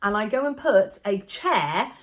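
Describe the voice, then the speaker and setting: Animated woman party entertainer. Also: medium pitch, a little slow. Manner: animated and playful, acting out children's voices. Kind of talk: how-to video explanation.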